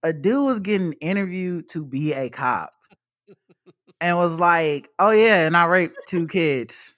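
A man co-hosting a podcast in casual comedic chat, animated and profane, laughing often. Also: fairly high pitch, measured pace, no room sound, clean studio sound. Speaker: podcast co-host.

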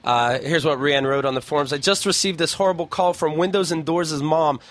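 A man with a fairly high voice hosts a casual podcast, reading forum posts aloud with a wry, blunt edge and swearing freely. The sound is dry and close, with no room echo. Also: fairly quick, fairly bright tone. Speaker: podcast host.

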